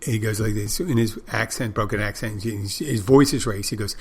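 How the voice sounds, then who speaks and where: A man's voice: lowish voice, normal speed, hardly any pauses, breathy edge. A middle-aged man hosting a podcast, telling a rambling, profane story in a casual monologue with frequent restarts. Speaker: podcast host.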